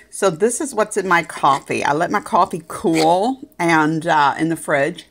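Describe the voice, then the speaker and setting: A woman chatting casually in her home kitchen, talking homey and cooing at her dog in a high sing-song voice. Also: measured pace, vocal fry, hardly any pauses, a bit bright. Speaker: vlogger. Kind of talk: casual kitchen vlog chat.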